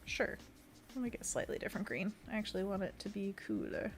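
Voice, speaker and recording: A woman's voice: medium pitch, sing-song, fast, faint music behind. A woman illustrator on a casual livestream, talking while she draws, reading chat aloud and making little sound effects. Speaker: illustrator streaming a sketching session.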